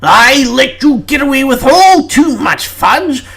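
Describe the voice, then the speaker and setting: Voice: medium pitch, expressive, unhurried, creaky, bright, forceful tone, exaggerated voice. A reader voicing an irate, bullying middle-aged male prime minister with a British accent, blustering and scolding. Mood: seething.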